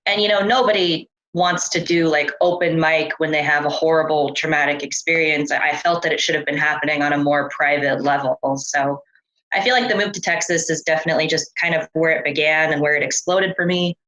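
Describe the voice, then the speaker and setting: A woman with a notably low, deep-set voice, talking casually as an interview guest. She tells her stories loosely and chattily, with plenty of ums and restarts. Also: brisk, muffled recording. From California. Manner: chatty, relaxed, loose with fillers. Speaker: interview guest, experiencer researcher. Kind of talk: casual conversational storytelling.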